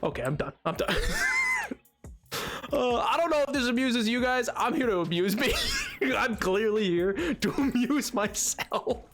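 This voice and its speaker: Male streamer, high lively voice, unhurried delivery, playful and excitable. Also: over music. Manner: excitable, playful and self-mocking. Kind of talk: live game-stream chat.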